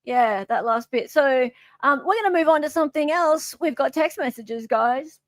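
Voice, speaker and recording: A woman's voice: sits high, animated, normal speed, no echo, clean studio sound. An Australian woman hosting a casual livestream, chatting and reading viewer comments aloud. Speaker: livestream host.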